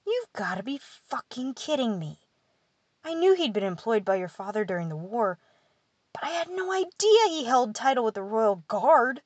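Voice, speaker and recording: A tiny, hot-tempered male pixie who scolds and swears at everyone around him, as a woman storyteller puts him on. His voice is raised a little higher and louder than the narration, full of exasperation. The audiobook recording is dry and close. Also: very animated, normal speed, no echo, muffled recording. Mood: incredulous. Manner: angry, scolding, cursing.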